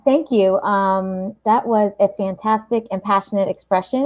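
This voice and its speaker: A woman's voice: mid-range voice, normal speed, mellow. A woman moderating a webinar over a video call, offering appreciative thanks. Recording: dull lo-fi audio.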